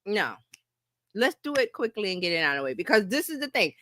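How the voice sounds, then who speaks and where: Animated, bright-voiced middle-aged woman coach. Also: mid-range voice, fast talker. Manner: animated, breezy, fills gaps with playful "da, da, da". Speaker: marketing coach. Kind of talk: lively workshop presentation.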